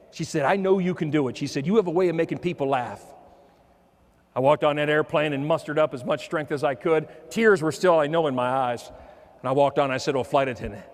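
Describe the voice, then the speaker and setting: A man's voice: on the high side, brisk. Man telling a story in a reverberant hall. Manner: humorous storyteller, softening for quoted lines. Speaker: motivational speaker. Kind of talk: keynote storytelling.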